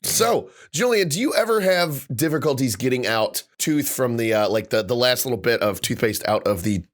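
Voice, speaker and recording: A man's voice: mid-range voice, lively intonation, moderate pace. A man co-hosting a casual comedy podcast, reading out product blurbs with mock outrage and jokes. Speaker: podcast co-host.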